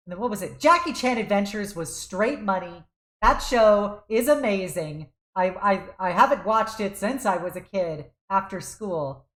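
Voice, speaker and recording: A young woman streaming a game, chatting casually in a rambling way and laughing often. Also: medium pitch. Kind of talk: casual chat while gaming. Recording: roomy echo.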